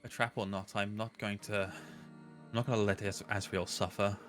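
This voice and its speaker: A man playing a character in a tabletop game, talking in a lively, hesitant way with some in-character lines. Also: fairly low pitch, normal speed, soft background music. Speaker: player.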